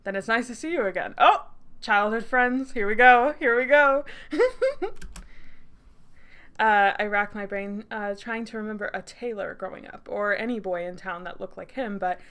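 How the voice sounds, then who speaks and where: A woman's voice: mid-range voice, expressive, unhurried, a bit bright. A young woman streamer, giddy and swearing freely, reacting to and reading a story game aloud with lots of laughter. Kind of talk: excited let's-play commentary and reading aloud.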